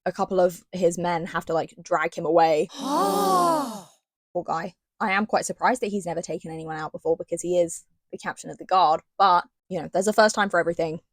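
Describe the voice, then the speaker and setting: A young woman giving an animated, sarcastic and rambling book recap in casual chat. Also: fairly low pitch, quick pace, hardly any pauses, dry recording. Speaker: book reviewer.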